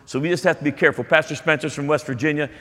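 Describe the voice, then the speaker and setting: This preacher talks very fast in a slightly high, a-bit-bright voice with fairly even intonation. His church sermon is emphatic and conversational, with asides directed at the congregation, captured with long hall reverb.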